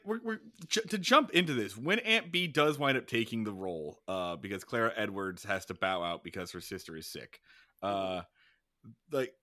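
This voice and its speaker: Lively bright-voiced man co-hosting a podcast. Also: mid-range voice, no room sound, studio quality. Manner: animated, swearing, recapping scenes. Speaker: podcast co-host. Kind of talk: casual chat.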